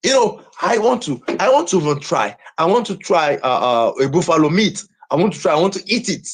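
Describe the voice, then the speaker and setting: Husky-voiced boastful man. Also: on the high side, lively intonation, fairly quick. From Nigeria. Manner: boastful, repeats himself over and over. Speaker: live streamer. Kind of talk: live stream talk.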